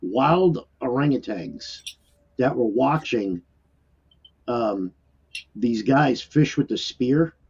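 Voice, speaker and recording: A man's voice: mid-range voice, expressive, slow, long pauses, a little mellow, lo-fi sound, a little hiss or hum. A man co-hosting a paranormal podcast, telling stories in a rambling, emphatic way. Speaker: podcast co-host. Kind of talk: casual group chat.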